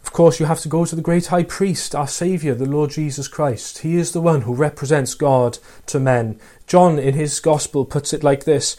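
A man's voice: fairly high pitch, steady tone, normal speed, few pauses, dark tone. A man preaching a sermon, earnestly asking his listeners questions and reading scripture aloud.

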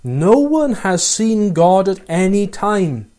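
A man preaches slowly in a sing-song way, his mellow, warm voice pitched a bit above the usual male range. He earnestly asks the listeners rhetorical questions and reads aloud from scripture between them.

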